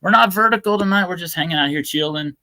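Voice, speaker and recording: Talking quickly in a high, sharp-toned voice, a young male livestream host rambles chattily to his audience in a casual stream.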